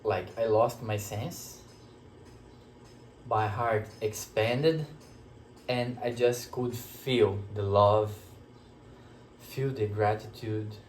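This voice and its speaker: A man telling a personal spiritual story to camera, in an emotional, reflective way with many pauses. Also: lowish voice, a little hiss or hum. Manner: slow, emotional, reflective, pausing often. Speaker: spiritual teacher sharing a personal experience. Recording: echoey room.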